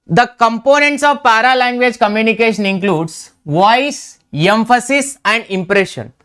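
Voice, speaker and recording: A man's voice: very high-pitched, measured pace, pushed and bright, smooth. A middle-aged man with an Indian English accent, teaching an exam revision lecture, repeating key terms and checking in with "right?".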